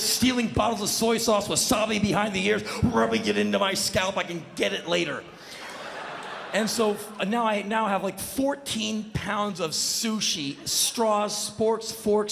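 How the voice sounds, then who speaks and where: A man performing a live spoken word monologue, telling a story in an intense, animated and profane way, often mocking himself. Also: high voice, gravelly. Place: stage in a large venue. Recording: echoey live hall with faint noise.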